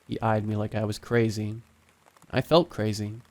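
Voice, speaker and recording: A man's voice: on the low side, flat delivery, normal speed, darkish tone. Man narrating a horror story. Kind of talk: scripted narration.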